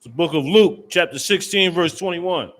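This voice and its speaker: A man reading scripture verses aloud slowly and formally, backing up a preacher. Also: high voice, fairly bright tone. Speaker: scripture reader.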